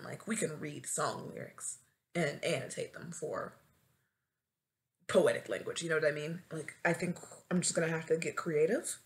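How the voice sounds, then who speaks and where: A woman in her twenties, a new teacher, chatting casually on her solo podcast and breaking into dramatic comic wails. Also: deep voice. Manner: dramatic, swings into wailing and shouting for comic effect. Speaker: podcast host.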